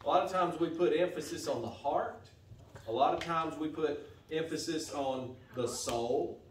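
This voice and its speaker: A man with a fairly high voice preaches a sermon from a church pulpit, going over his points steadily and often repeating a phrase before he carries on. His voice comes from some way off the mic and rings through the roomy church. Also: normal speed, a little hiss or hum. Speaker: pastor. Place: church sanctuary. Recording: echoey church from a distance.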